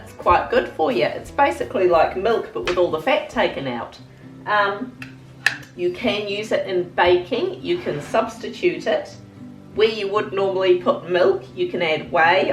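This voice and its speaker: A middle-aged Englishwoman whose accent has taken on a New Zealand edge talks through a recipe in a chatty, down-to-earth way. She sits back from the mic in a roomy kitchen. Soft music plays faintly under her voice. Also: on the low side, recorded from a distance. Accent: English with some New Zealand influence. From England. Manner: chatty, homely, practical. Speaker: cooking channel host. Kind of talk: casual cooking tutorial.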